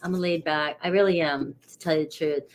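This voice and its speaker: A woman's voice: low voice, steady tone, a little fast. Chatty middle-aged tarot reader woman. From New England. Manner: chatty, rambling, greets viewers by name. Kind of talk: casual live-stream chat.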